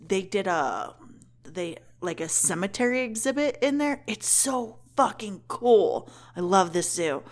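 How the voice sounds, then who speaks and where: A woman's voice: mid-range voice, lively intonation, measured pace. A woman, co-hosting a casual podcast chat, talking in a gushing, emotional way with lots of "like" and "um". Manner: chatty, emotional, frequent "like" and "um" fillers. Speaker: podcast co-host.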